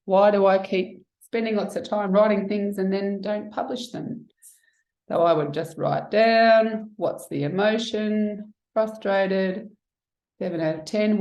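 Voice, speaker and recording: A woman tapping coach calmly walking through a demonstration, talking herself through her own feelings as she guides the listener. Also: mid-range voice. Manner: calm, reflective, talks herself through feelings. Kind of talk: instructional demonstration. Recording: echoey room.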